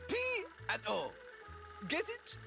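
A man's voice: very high voice, wildly swooping pitch, slow pace, gravelly, over music, exaggerated voice. A man playing a jolly, self-amused French chef in a kids' phonics segment, using a thick put-on French accent. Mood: playful. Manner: exaggerated mock-French accent, theatrical. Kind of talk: kids' show clip, phonics game host.

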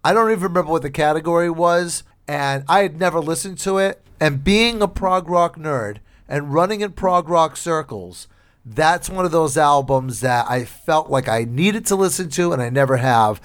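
A man's voice: fairly high pitch, lively intonation, normal speed, fairly bright tone. A middle-aged man hosting a podcast in casual chat, chatty and teasing, laughing often. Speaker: podcast host.

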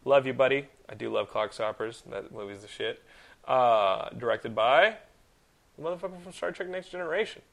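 A man in his thirties hosting a podcast, telling stories in casual chat with lots of swearing and animated outbursts. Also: medium pitch, normal speed, gravelly. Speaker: podcast host.

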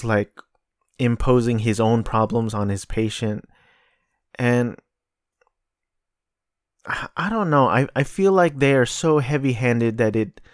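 A man's voice: mid-range voice, no room sound, studio quality. A man hosting his own podcast, talking alone in a casual, rambling way, profane and sardonic. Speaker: podcast host. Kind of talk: casual solo monologue.

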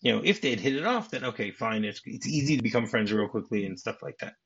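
A man's voice: medium pitch, quick pace, vocal fry, a bit bright, husky, highs cut off. A man hosting a podcast, casually retelling movie scenes with many restarts and acted-out lines. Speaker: podcast host.

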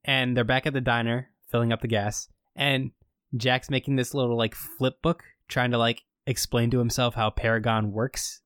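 A man's voice: medium pitch, level tone, moderate pace, fairly bright tone, smooth, dry recording, studio quality. Rambling man recapping a show. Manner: rambling storytelling with many fillers. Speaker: podcast co-host recapping a show. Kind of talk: casual chat recap.

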